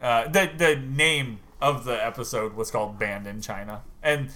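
A man chatting casually on a podcast, retelling stories in an animated, laughing way and swearing freely. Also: medium pitch, moderate pace. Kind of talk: casual chat.

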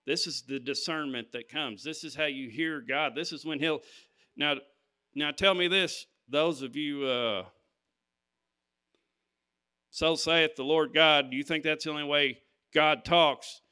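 Bright, clear-voiced man preaching. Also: a little high, a little slow, pauses often. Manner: emphatic, conversational preaching with scripture readings. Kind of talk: sermon.

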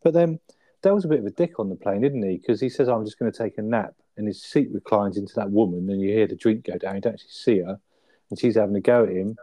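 A man's voice: on the low side, quick pace, mellow, dry recording. A man in casual chat, retelling sitcom scenes with frequent laughter and swearing. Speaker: podcast co-host.

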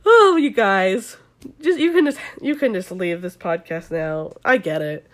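A young woman with a Southern Californian accent hosts a podcast while sick with the flu, recapping a reality show. Her mid-range voice is animated but unhurried, and her chatty style is full of swearing, likes, and ums.

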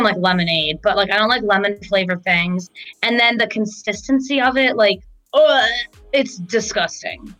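A young woman talks casually as a podcast co-host, dropping in frequent fillers as she goes. Her voice is bright and sits at a middle pitch. Faint music plays underneath. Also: rough recording. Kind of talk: casual chat.

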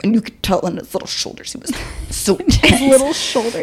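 A woman's voice: medium pitch, quick pace, husky. Young woman co-host, casual storyteller, chatty podcast banter. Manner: animated storyteller, reads listener emails aloud. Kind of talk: casual chat.

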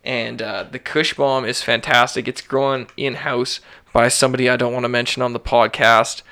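A man hosting a relaxed podcast, chatting in an easygoing, slangy way. His voice is bright and forward, with a smooth, crisp clarity. He fills his talk with "like" and casual asides. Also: medium pitch, normal speed. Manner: laid-back slangy talk with frequent "like". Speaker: podcast host.

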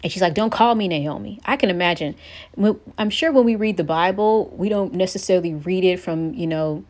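A woman's voice: fairly low pitch, a little fast, darkish tone. A young woman giving an earnest Christian devotional talk, sometimes acting out the voices she quotes. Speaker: Christian speaker.

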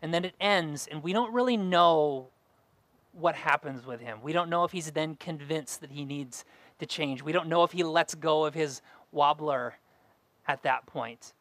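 A man's voice: on the high side, measured pace, fairly bright tone, no echo. A young adult man preaching a sermon as pastor, earnest and fond of repeating key phrases.

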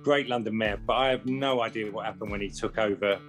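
A man's voice: on the low side, steady tone, a little fast, a bit bright, soft background music. A man co-hosting a podcast, giving blunt, emphatic opinions in casual chat. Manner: emphatic and blunt, with repeated restarts. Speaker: podcast co-host.

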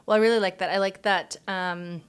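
A woman's voice: mid-range voice, steady tone, fairly quick, smooth. A woman hosting a faith podcast, affirming her guest and reflecting in a casual chat, with frequent "um"s. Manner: warm, affirming, frequent "um" and "mm-hmm". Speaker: podcast host.

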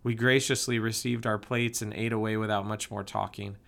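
Male narrator, lower voice, calm even first-person story reading. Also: a little fast, gravelly.

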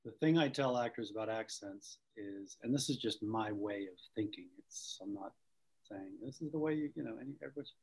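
An acting coach from the Boston area talks thoughtfully in a conversational interview, restarting his sentences often. His voice is on the low side, brisk, darkish and slightly rough, and the audio is poor.

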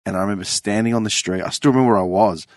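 Low-voiced Australian podcast host. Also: male voice, racing, no room sound, studio quality. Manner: laid-back anecdotal, casual swearing. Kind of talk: casual podcast chat. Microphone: studio mic.

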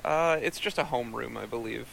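A man in casual chat, explaining his points in a measured, dryly understated way. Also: medium pitch, creaky, fairly bright tone, a little hiss or hum, rough recording. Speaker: co-host reviewing a movie.

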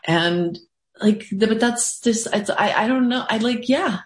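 A woman's voice: a little high, unhurried, roomy sound. A woman actor from South Africa whose first language is Afrikaans, chatting as an interview guest in a candid, self-mocking, rambling way. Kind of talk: casual interview chat.

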